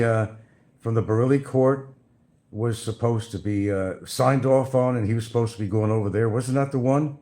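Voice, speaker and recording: With a medium-pitched, dark voice at normal speed, a stream host speaks from an indoor room. He delivers casual, sarcastic commentary, mocking the person he discusses and addressing him as "son."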